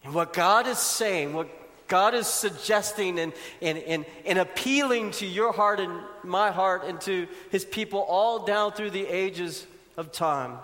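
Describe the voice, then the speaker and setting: A male pastor preaching a sermon with emphatic delivery, surging fast and then slowing down softly. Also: sits high. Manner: emphatic preacher, swings from fast bursts to slow soft lines. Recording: long reverb of a large hall.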